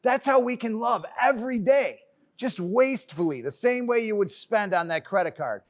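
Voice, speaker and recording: A man with a high, bright-sounding speaking voice delivers a lively motivational keynote from a conference stage. He jokes with the crowd and keeps calling them friends. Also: moderate pace. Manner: energetic and joking, addresses the crowd as friends. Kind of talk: motivational talk to a live audience.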